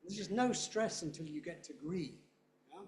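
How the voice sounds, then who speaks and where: A man's voice: sits high, a little fast, a little mellow. A man giving a conference lecture, explaining points and saying example phrases aloud to demonstrate them. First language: English. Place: lecture room. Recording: echoey lecture room.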